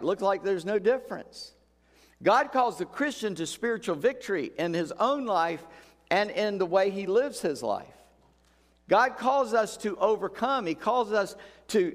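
A man's voice: high-pitched, long reverb tail. A male pastor preaching a sermon in a folksy, conversational way, repeating key phrases for emphasis.

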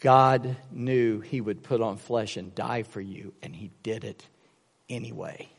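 Animated preacher in a reverberant hall. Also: male voice, on the low side, unhurried, creaky. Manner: storytelling, animated, acts out voices in jokes. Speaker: pastor. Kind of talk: sermon.

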